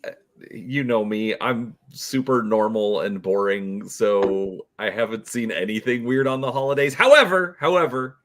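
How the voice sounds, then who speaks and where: A man chatting casually in a lively way, laughing often. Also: fairly low pitch, measured pace. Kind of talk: casual chat.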